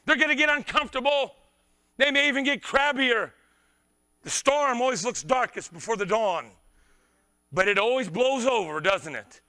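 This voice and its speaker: Fervent high-voiced male preacher. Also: moderate pace. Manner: fervent preaching, swinging from shouts to hushed tones. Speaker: pastor. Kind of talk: sermon.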